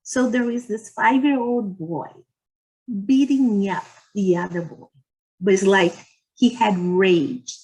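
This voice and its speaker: Slow-spoken, gentle woman giving a lecture. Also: medium pitch, poor audio. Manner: earnest, gentle, speaks in short phrases. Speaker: guest speaker at a spiritist society. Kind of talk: religious lecture with personal stories.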